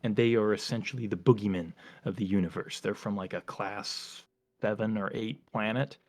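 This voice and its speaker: Low-voiced man retelling a story. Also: normal speed. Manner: animated retelling, frequent filler words. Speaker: podcast co-host. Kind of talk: casual storytelling chat.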